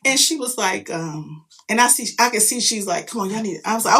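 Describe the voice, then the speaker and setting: A middle-aged woman, a mother, telling a story in casual chat, animated and profane, jumping into loud quoted outbursts. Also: medium pitch, brisk, few pauses, slight background noise.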